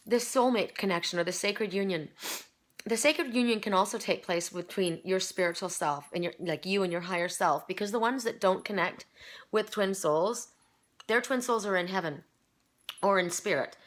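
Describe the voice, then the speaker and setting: Woman, middle-aged, oracle card reader, emotional, earnest, halting speech. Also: mid-range voice, fairly bright tone. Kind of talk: spiritual card reading video.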